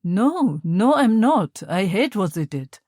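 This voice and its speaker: A woman's voice: mid-range voice, sing-song, slow pace, darkish tone, dry recording. Audiobook role: a desperate, earnest priest begging for mercy, read by a woman, close and dry. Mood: pleading. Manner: pleading, earnest. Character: earnest male priest pleading with soldiers.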